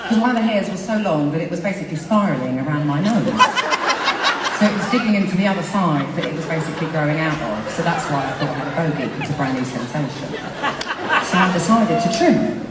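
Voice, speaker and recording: Woman, thirties, singer doing loose, cheeky stage chat; far-off echoey arena sound, loud crowd behind. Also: low voice, animated, fast talker, heavy background noise. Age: 30s. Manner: chatty, candid, laughing, swears freely. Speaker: singer performing live. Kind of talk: stage banter with the audience. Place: large concert arena.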